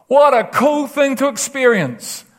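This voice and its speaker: A man's voice: very high voice, expressive, a little slow. A man preaching a sermon with passion, often laughing and acting out the voices he quotes. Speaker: pastor.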